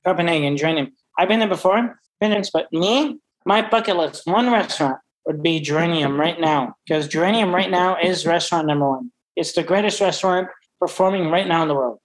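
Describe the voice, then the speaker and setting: A middle-aged man, a restaurant owner, talking brashly and profanely in a casual interview, full of excited stories. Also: a little high, a little fast, few pauses, poor audio. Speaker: restaurant owner and wine expert.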